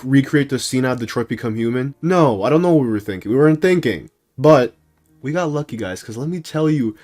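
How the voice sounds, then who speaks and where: A man's voice: mid-range voice, darkish tone. A young man telling a comedic story to his viewers, hyped and jokey. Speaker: storytime video creator.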